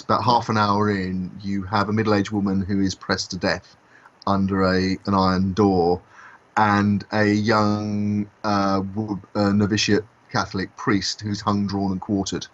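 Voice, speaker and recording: Man, lowish voice, halting and full of restarts, podcast co-host, dull lo-fi audio. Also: little pitch movement, a bit bright. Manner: halting, many fillers and restarts. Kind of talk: casual discussion.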